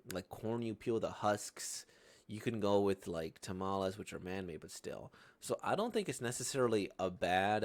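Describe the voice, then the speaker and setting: A man giving casual reaction commentary, rambling and hesitant, with constant tag questions. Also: fairly low pitch. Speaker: manga reaction host.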